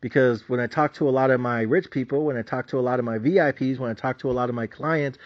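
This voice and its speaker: A man's voice: mid-range voice, fast. Boastful, profane man on lo-fi audio. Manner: boastful, swears constantly, laughs at others mockingly. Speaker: stock market trader and channel host. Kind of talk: profane unscripted rant. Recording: dull lo-fi audio.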